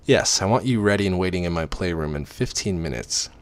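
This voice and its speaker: A man's voice: deep voice, lively intonation, fairly quick. A man reading as a brooding, commanding rich man. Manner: murmuring, commanding, dry. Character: controlling wealthy young man, brooding.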